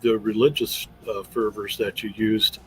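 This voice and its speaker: A man's voice: lowish voice, little pitch movement, a little slow, soft background music, poor audio. A male host interviewing a guest and asking curious, probing follow-up questions.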